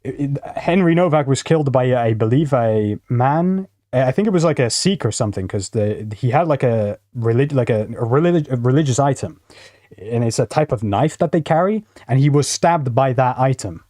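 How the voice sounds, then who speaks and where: A man's voice: medium pitch, animated, normal speed, mellow, no echo, clean studio sound. A man, rambling and swearing freely in casual reaction-stream commentary. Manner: rambling, swearing a lot, frequent laughter.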